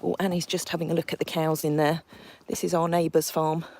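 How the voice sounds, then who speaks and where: An Englishwoman who owns a horse sanctuary hosts a live stream outdoors on a country lane, chatting casually while riding a horse and reading out where her viewers are from. Her voice is deep and a little mellow, with little pitch movement and a fairly quick pace, and the audio is poor.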